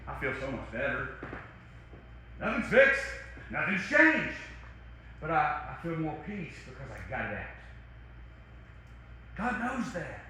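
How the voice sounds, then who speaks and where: High, bright-voiced preacher in an echoey hall. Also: male voice, very animated, unhurried, pauses often, slight background noise. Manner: conversational preaching with wide swings in loudness and pitch. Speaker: pastor. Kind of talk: sermon. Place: church sanctuary.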